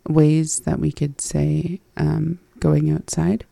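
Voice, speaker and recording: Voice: mid-range voice, flat delivery, takes it slowly, vocal fry, warm tone, no echo. A learner reviewing phrases from a language lesson, hesitant and laughing at their own slips.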